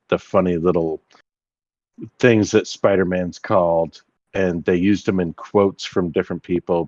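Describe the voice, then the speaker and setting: A man talking casually as a guest on a podcast in relaxed, drawn-out remarks. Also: low-pitched, no room sound, muffled recording. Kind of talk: casual chat.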